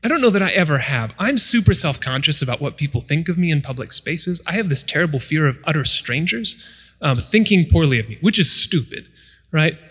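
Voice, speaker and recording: Man preaching, tells bible stories and does the voices, a bit husky, big echoey hall. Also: a little high, very animated, brisk, a bit bright. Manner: storytelling, acts out voices of the people in the story. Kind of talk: sermon. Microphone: microphone.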